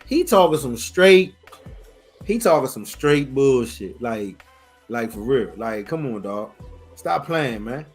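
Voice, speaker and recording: A man's voice: mid-range voice, lively intonation, slow, breathy edge, soft background music. A man in his forties hosting a podcast, talking casually with a profane, exasperated manner. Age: 40s. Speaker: podcast host.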